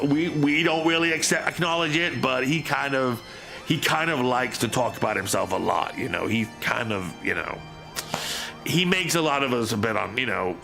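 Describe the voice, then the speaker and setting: A man's voice: mid-range voice, lively intonation, moderate pace, creaky, pushed and bright, faint music behind. A man streaming a game live, chatting to viewers in a goofy, rambling way. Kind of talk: live gameplay stream chat.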